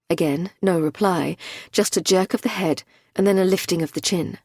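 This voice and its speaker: Low husky woman narrating a thriller. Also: normal speed, darkish tone, no echo, studio quality. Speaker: audiobook narrator.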